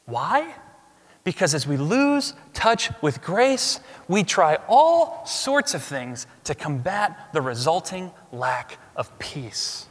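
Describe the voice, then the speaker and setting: A man preaching a sermon as pastor, emphatic, swinging from loud declarations to hushed asides. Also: on the high side, very animated, takes it slowly. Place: church sanctuary. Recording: long reverb of a large hall.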